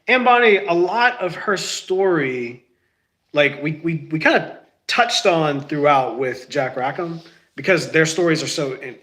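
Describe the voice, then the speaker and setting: A man talks through his podcast in a loose, rambling way, sick and stuffed up, his voice bright and a little high. He keeps correcting himself as he goes. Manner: rambling, self-correcting, says y'all. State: sick, stuffy, lost sense of smell. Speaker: podcast host. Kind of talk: casual solo podcast chat.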